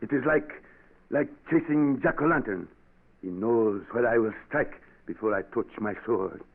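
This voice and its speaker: An actor playing a domineering island governor, 1940s radio. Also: male voice, medium pitch, moderate pace, natural voice. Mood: boastful. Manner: commanding, impatient, mixes in French words. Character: ruthless male Haitian governor, former rebel chief. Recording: tinny old radio broadcast.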